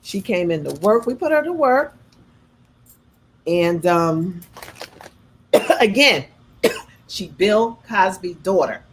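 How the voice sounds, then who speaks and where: A chatty middle-aged woman tells stories to her viewers from her home kitchen. Her voice sits at an ordinary pitch, and she talks in a loose, casual way. A faint hum of background noise runs underneath. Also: lively intonation, slow, pauses often. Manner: chatty, addresses viewers as y'all and baby. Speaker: host. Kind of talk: casual chat storytelling.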